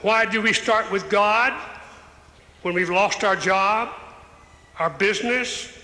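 Impassioned older preacher in a ringing hall. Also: male voice, sits high, slow pace, sharp tone. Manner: impassioned, building to raised calls. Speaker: evangelist preacher. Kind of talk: sermon. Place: large church, live service. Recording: echoey hall with long reverb.

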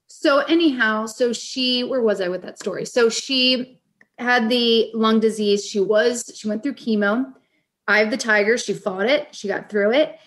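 A woman's voice: on the high side, unhurried, fairly bright tone. Heartfelt woman in her forties. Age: 40s. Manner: earnest, heartfelt storytelling. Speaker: guest, caregiver advocate and author. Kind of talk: casual podcast conversation.

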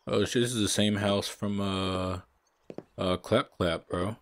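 A man's voice: lowish voice, steady tone, unhurried, dry recording. A man giving loose, profane let's-play commentary, mocking the game and calling everyone "bro". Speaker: gaming video creator.

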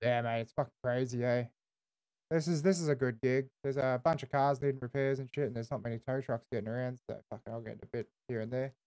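A man's voice: medium pitch, steady tone, fast talker, darkish tone, smooth. An Australian man streaming casual in-character game roleplay, laid-back and swearing constantly, tagging "eh" onto his lines.

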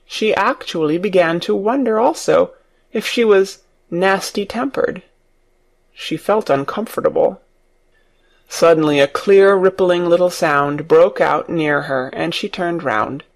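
A man reading an audiobook story aloud for English learners, in a slow, clear narrating manner. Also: high voice.

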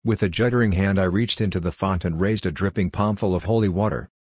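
A man narrating a scripted horror story in a measured, solemn first-person telling. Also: deep voice, darkish tone, slightly rough, no echo.

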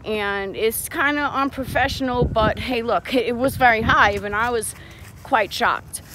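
An earnest woman with a New York accent speaks straight to her viewers. She vlogs on a phone while walking outdoors. Her voice sits a bit high, and faint street traffic murmurs behind her. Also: moderate pace, a bit bright, poor audio. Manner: earnest, confiding, talks to viewers directly. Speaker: vlogger. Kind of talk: candid personal vlog. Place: outdoors on a walk with her child.

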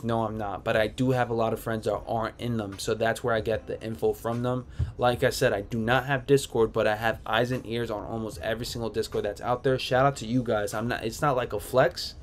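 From a room at home, a man runs a relaxed sneaker livestream, reading viewer comments out loud and rambling through his answers. His voice is mid-range, with a little hiss or hum on the recording.

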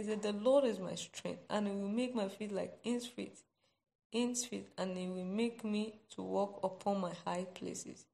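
A woman delivering a devotional sermon on a podcast, in a voice of ordinary middle pitch. She speaks with firm emphasis, repeats her key phrases, and rises to loud exclamations. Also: vocal fry. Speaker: gospel podcast preacher.

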